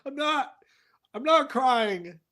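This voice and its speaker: A man voicing an aggrieved lone astronaut in an improvised comedy scene, complaining in a low, halting voice. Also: lively intonation, pushed and bright, full character voice.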